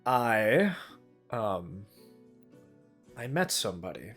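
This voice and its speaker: A man's voice: lowish voice, big pitch swings, slow pace, a bit bright, soft background music. A man playing a tabletop game, rambling and joking with swear words in casual chat. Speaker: player.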